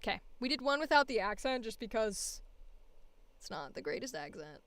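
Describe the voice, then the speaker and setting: A woman's voice: on the high side, sing-song, normal speed, a bit bright, no echo. A woman voice actor chatting casually and thinking aloud while she records an audition.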